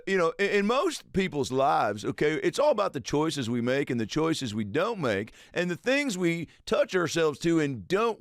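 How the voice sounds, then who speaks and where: A man's voice: on the high side, dry recording, clean studio sound, voice pushed up. A man doing an impression of a preachy middle-aged TV therapist with a drawling delivery.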